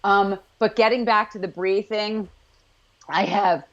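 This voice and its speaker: A woman's voice: medium pitch, steady tone, measured pace. Chatty woman on a dull lo-fi mic. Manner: chatty, self-deprecating asides. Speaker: podcast co-host. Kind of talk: casual recap chat. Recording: dull lo-fi sound.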